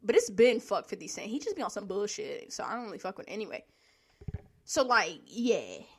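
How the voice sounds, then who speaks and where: A woman's voice: medium pitch, big pitch swings, a little fast, slight background noise. A woman hosting a solo podcast, ranting in a blunt, profane, heated way, with sighs and laughs between her points. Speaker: podcast host.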